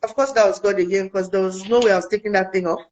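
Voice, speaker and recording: A woman's voice: mid-range voice, quick pace, low-quality recording. A young woman from Africa, earnestly telling a personal story in a casual interview and acting out the conversations in it. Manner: earnest, animated, quotes people in dialogue. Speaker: guest.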